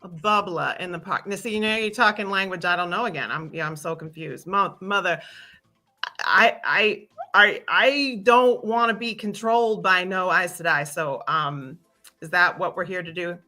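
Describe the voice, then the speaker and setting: A woman's voice: fairly low pitch, normal speed, pushed and bright. A woman playing a confused, reluctant young man in an improvised scene, in a hesitant, stammering put-on Boston accent. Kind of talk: improvised comic scene reading.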